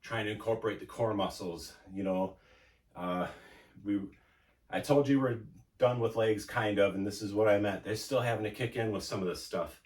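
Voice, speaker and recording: Male fitness instructor talking through reps, low voice, distant echoey room sound. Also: moderate pace, a little mellow. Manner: coaching, talks while exercising. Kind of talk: casual workout instruction. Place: indoor home room.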